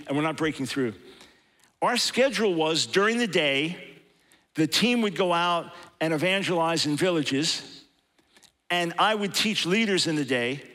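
A man's voice: on the high side, sharp tone. A man preaching a sermon in an impassioned, emphatic way, building to strong peaks.

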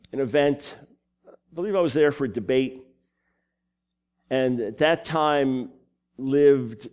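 A man from New York with a New York accent, preaching a sermon full of personal stories, animated and quick with asides. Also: medium pitch. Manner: animated storytelling, quick asides and self-corrections.

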